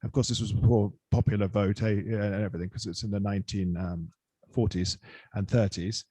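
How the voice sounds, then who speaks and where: A man hosting a podcast interview, in a voice of middling pitch. He rambles through his stories, restarting often and circling back. His voice is dry and close to the mic. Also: fairly even intonation, fairly quick, warm tone, husky, no room sound. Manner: rambling, many restarts and fillers. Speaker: podcast host. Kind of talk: casual interview chat.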